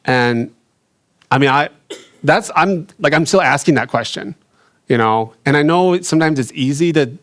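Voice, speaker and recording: A young adult man sharing a personal faith story, earnest and halting, with frequent restarts and fillers. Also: fairly high pitch, fairly bright tone, no echo, clean studio sound. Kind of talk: reflective personal testimony.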